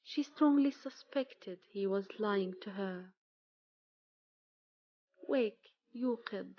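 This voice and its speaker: A woman teaching vocabulary, reading single words and example sentences in a slow, measured way. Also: mid-range voice, dry recording, dull audio. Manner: slow, measured reading, one word at a time.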